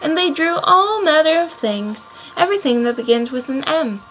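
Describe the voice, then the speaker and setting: A woman voicing a hoarse, sleepy dormouse. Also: sits high, lively intonation, moderate pace, fairly bright tone, faint music behind, voice pushed up, low-quality recording. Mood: storytelling. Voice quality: hoarse, feeble. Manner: drowsy, prone to indignant outbursts. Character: sleepy, touchy little male dormouse.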